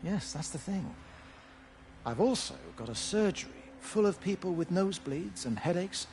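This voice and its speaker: An actor playing a polite, hesitant older village doctor who stammers a little, in a story game. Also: male voice, sits high, animated, normal speed, darkish tone, a little hiss or hum. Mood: concerned.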